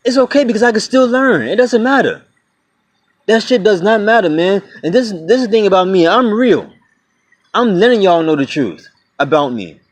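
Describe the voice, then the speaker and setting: A man's voice: sits high, big pitch swings, moderate pace. A man in his twenties ranting bluntly to his viewers in a casual vlog, swearing freely and calling them "y'all" and "man". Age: 20s. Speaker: vlogger. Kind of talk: casual rant to camera.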